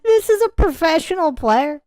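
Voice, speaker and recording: A woman's voice: very high voice, animated, moderate pace, darkish tone. A woman hosting a casual livestream, giving a rambling reaction commentary on a sports clip and breaking into laughter again and again. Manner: giggly, keeps breaking into laughter; rambling, repeats itself. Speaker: livestream host.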